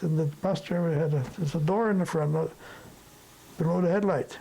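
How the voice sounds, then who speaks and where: A man's voice: on the high side, brisk, vocal fry, mellow, slight background noise, low-quality recording. An older man from the Sudetenland reminiscing in a rambling storytelling way, tacking questions onto his sentences. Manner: rambling, peppered with tag questions. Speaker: interviewee.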